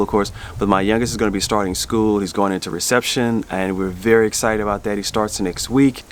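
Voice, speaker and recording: Middle-aged man with a lowish voice, loose rambling delivery, family vlogger talking to camera. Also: a little hiss or hum. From Southern US. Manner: rambling, with many restarts and fillers. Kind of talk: casual chat to camera.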